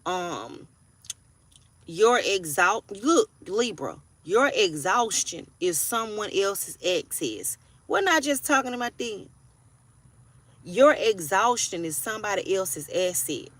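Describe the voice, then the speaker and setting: A woman's voice: mid-range voice, very animated, slow, a bit bright. A woman in her forties giving a casual tarot reading, blunt and profane, preaching and often asking if you hear her. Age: 40s. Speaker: tarot reader.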